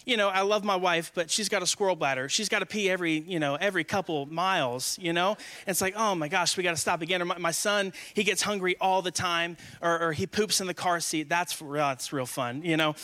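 A man's voice: high voice, a little fast, hardly any pauses, sharp tone. A man in his twenties, a guest speaker giving a humorous, conversational sermon in church and joking with the congregation. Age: 20s. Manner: joking, asks the congregation questions.

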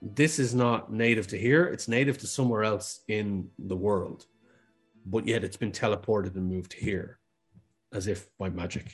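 A man's voice: on the low side, steady tone, normal speed, breathy edge, faint music behind. A man narrating as game master in a casual way, with restarts and the odd swear word.

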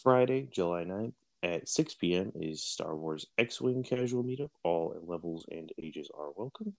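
A man's voice: deep voice, animated, a little slow, vocal fry, a little mellow. A man, co-hosting a radio show and reading a sponsor ad in a laid-back way. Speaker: radio co-host. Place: radio studio.

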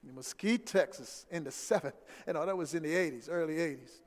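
A middle-aged man telling a personal story in an animated, emphatic way, repeating key phrases. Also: a little high, fairly quick. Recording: echoey hall with long reverb.

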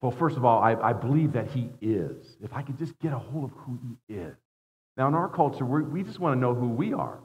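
A man preaching a sermon as a guest preacher, earnest, dropping his voice low and rising for emphasis, often repeating words as he builds a point. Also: big pitch swings, brisk. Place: church sanctuary. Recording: dull sound in a long-reverb hall.

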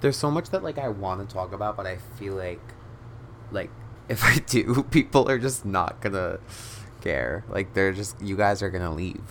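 A man's voice: sits low, expressive, normal speed, fairly bright tone, slight background noise. A young man hosting his own podcast, telling a story in a casual chat, talking close to the mic, swearing often and filling his talk with "like". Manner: chatty, swears often, says "like" a lot, laughs between phrases. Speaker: podcast host.

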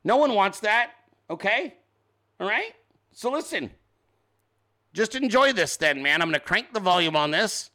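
A man's voice: sits high, lively intonation, a little slow, long pauses, pushed and bright. A male host on a live political commentary stream, joking around and cursing freely. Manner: crude, profane, joking.

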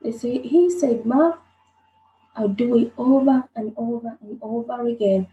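A woman, an interview guest, telling a personal story in halting sentences, repeating words and acting out what was said. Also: on the high side, highs cut off, a little hiss or hum. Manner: halting, repeats herself, acts out dialogue. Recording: roomy echoey sound.

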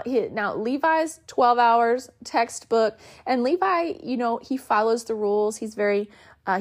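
A woman in her thirties hosting a podcast, telling stories in a casual way and acting out the quoted lines. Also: mid-range voice. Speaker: podcast host. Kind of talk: casual storytelling.

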